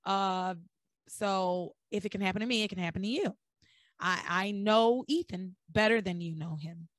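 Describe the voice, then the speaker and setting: A woman hosting a podcast, recapping episodes in a blunt, animated way with some swearing. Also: medium pitch, normal speed, no room sound, studio quality. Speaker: podcast host. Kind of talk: casual recap chat.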